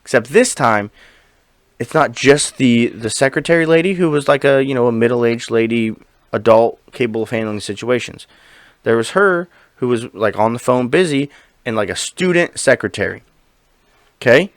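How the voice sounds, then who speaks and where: A man co-hosting a podcast, telling a story in casual chat, animated and profane, acting out the lines of the people in it. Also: medium pitch, normal speed, no echo. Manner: animated, profane, acts out quoted dialogue. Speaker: podcast co-host.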